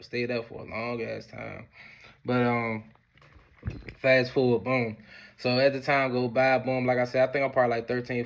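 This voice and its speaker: A man telling a personal story in casual, slangy speech, with lots of fillers. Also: dull audio. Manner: slangy, laid-back, peppered with "boom" and "whatever the case may be".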